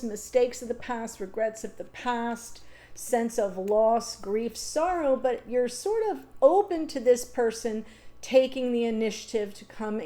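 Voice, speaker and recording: In an unscripted monologue, a tarot reader reads cards aloud in a fairly high, mellow voice. She sounds thoughtful and reassuring, thinking aloud with ums and restarts.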